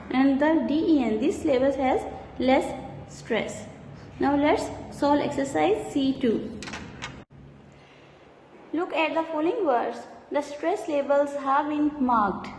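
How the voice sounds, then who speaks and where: A woman teacher, explaining a lesson slowly and step by step. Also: high voice, a little mellow. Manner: slow, deliberate, explains step by step. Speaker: English teacher. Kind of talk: recorded classroom lesson. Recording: echoey room with long reverb, faint background noise.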